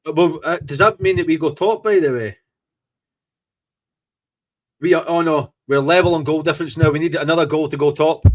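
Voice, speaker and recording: Excitable Scottish man gloating over football. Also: a little high, moderate pace, pauses often. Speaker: fan podcast host. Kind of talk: live football match reaction.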